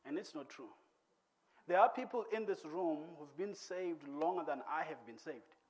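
A man delivers a sermon from the pulpit through a church microphone. His voice sits high for a man. He speaks earnestly and swells into loud, emphatic declarations. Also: lively intonation, normal speed, slight background noise. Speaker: preacher. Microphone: microphone on a church sound system.

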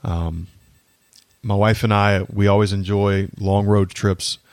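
A man in his thirties hosting a faith podcast, talking about grief in an earnest, halting way with many fillers and restarts. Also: lowish voice, little pitch movement, darkish tone, no echo. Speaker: podcast host. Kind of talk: faith-based personal reflection.

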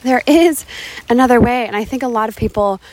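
A woman's voice: fairly high pitch, fairly quick, a little mellow, dry recording. A woman business coach hosting a motivational podcast, talking emphatically outdoors in the wind, holding her microphone with her hand cupped around it. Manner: enthusiastic, emphatic, repeats phrases for emphasis. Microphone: handheld mic with cupped hand.

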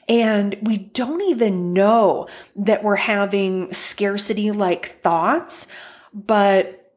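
A woman hosts her own podcast as a life coach, speaking at a slow, unhurried pace. Her manner is chatty and encouraging. She often slips into little acted-out versions of listeners' everyday complaints. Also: medium pitch. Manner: chatty, encouraging, acts out quoted thoughts. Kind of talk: solo podcast talk.

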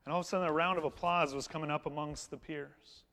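High, bright-voiced male pastor preaching. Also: fairly even intonation, fast talker. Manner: conversational, anecdotal, warm humor. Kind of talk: storytelling sermon. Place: church sanctuary. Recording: long hall reverb in a church.

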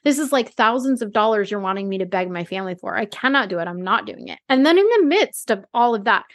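A woman talks in a loose, chatty way, co-hosting a podcast. She tells her stories with a lot of animation and jumps sharply up in pitch whenever she acts out what someone said. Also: lively intonation, fast talker, a bit bright. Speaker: podcast co-host. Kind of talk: casual chat.

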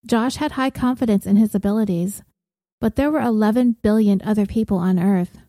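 A woman reading a novel aloud as narrator, in a measured, gentle storytelling manner. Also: mid-range voice, no echo. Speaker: audiobook narrator. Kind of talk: scripted narration.

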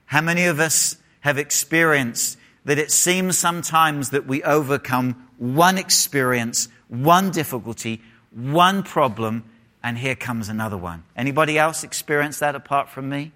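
Emphatic, bright-voiced male preacher. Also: mid-range voice. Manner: emphatic preaching with dramatic pauses and rising emphasis; asks the congregation questions. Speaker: pastor. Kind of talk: sermon.

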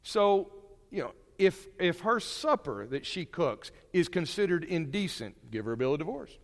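Lively-voiced preacher in an echoing hall. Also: male voice, a little high, moderate pace. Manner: animated, conversational preaching with homely asides. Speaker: pastor. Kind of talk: sermon. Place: church sanctuary.

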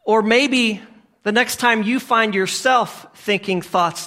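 A pastor preaches a sermon, his high-pitched voice moving at a slow pace. He asks emphatic rhetorical questions again and again, swinging between loud and hushed.

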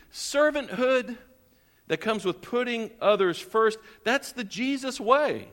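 Male pastor, high and bright voice, lively sermon delivery, long church-hall reverb. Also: slow pace. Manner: animated, questions the congregation, chuckles often. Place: church sanctuary.

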